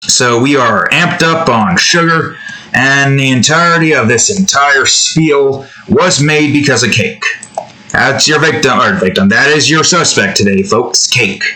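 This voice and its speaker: A man's voice: medium pitch, a little slow, bright, forceful tone, rough recording. A man hosting his own channel, chatting casually and rambling in a jokey, profane way full of fillers. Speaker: channel host. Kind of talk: casual rambling chat while drawing.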